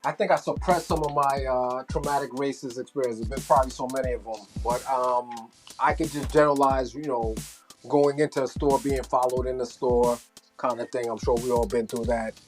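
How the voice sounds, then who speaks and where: An adult speaking in a casual group discussion, talking quietly and reflectively about experiences they have tried to put behind them. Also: mid-range voice, steady tone, normal speed, soft background music. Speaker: panel guest.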